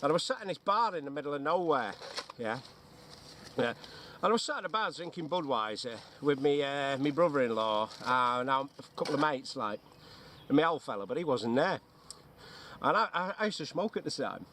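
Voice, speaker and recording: A man's voice: expressive, brisk, a bit bright, a little hiss or hum. A man with a Runcorn accent, a veteran joking and swearing freely in casual banter outdoors in the woods. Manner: joking, swears freely, bursts into high silly chants. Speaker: bushcraft veteran. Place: outdoors in woodland.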